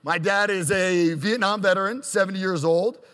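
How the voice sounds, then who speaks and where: Lively man in his thirties telling stories. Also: high-pitched, normal speed, long reverb tail. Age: 30s. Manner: animated, self-deprecating, acts out quotes. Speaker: storyteller on stage. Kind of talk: live storytelling.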